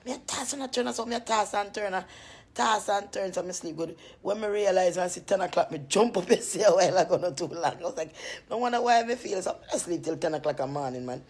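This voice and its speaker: A woman who sells cream goes live on her phone from home right after getting out of bed, speaking at a quick pace in a fairly low, slightly rough voice. Chatty and often laughing, she tells rambling, animated stories.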